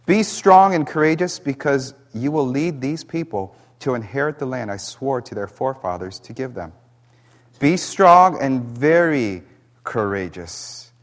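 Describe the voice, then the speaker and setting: Male preacher, mid-pitched voice. Reads scripture deliberately, then shifts to relaxed, plainspoken commentary. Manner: reads scripture slowly, then explains in plain conversational asides. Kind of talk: sermon with scripture reading.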